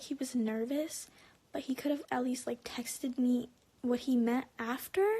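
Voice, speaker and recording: A woman telling a personal story on a live stream, rambling with lots of "like" and restarts, sometimes dropping to a soft whisper. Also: high voice, slightly rough. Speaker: livestreamer.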